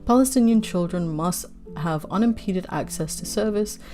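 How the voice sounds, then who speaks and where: A woman's voice: lowish voice, normal speed, warm tone, soft background music. A woman reading news articles aloud, breaking off into heated, sweary asides as she holds back tears.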